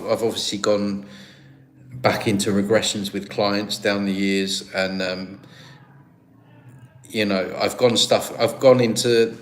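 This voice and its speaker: An English man hosting a live stream, chatting casually and answering viewer comments in a rambling, easygoing way. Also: lowish voice. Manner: rambling, chatty, with frequent restarts and laughs. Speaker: livestream host. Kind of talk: casual livestream chat reading viewer comments.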